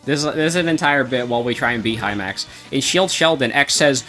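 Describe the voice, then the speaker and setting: A man's voice: mid-range voice, normal speed, pushed and bright, faint music behind. Man reading game lines, laughing. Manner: reads lines aloud with dry delivery, laughing between them. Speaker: streamer reading game dialogue. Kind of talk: casual gaming stream chat.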